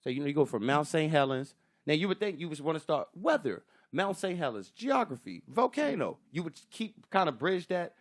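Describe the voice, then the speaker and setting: A man's voice: on the high side, sing-song, fairly quick, few pauses. A man, a stand-up comedian, talking in a loose, swearing podcast chat and acting out other comics' voices. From Sacramento area, California.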